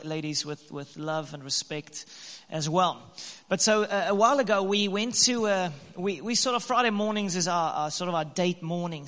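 Animated storytelling man with a high bright voice. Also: long reverb tail. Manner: lively, laughing, acts out his own lines. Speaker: co-host, husband speaking to couples.

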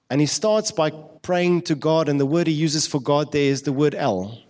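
A man's voice: a little high, a little mellow. Earnest Afrikaans-accented male pastor preaching. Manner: earnest preaching with frequent restarts, slowing to stress key words. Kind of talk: sermon. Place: church before a congregation.

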